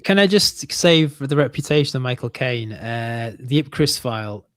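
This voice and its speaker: A mid-pitched man talking films with friends, eager and playful. He often trails off into a quieter tone, heard on a dry close microphone. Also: expressive, normal speed, no room sound. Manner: enthusiastic, joking, trails off softly. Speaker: podcast co-host. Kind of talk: casual chat.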